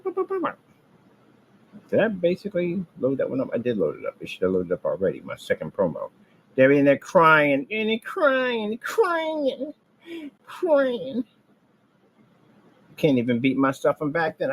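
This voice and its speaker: A man's voice: medium pitch, poor audio. Guy bragging and taunting rivals, voice jumps all over, bit of hiss behind. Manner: boastful, taunting, swings from mutters to loud outbursts. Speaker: business owner ranting on his channel. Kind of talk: rambling trash-talk rant.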